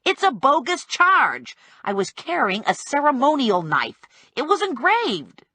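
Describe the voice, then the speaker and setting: A woman's voice: high voice, wildly swooping pitch, unhurried, sharp tone, dry recording, voice pushed up, exaggerated voice. A woman voicing a small, fussy man who complains in a whiny, self-righteous way, for an audiobook.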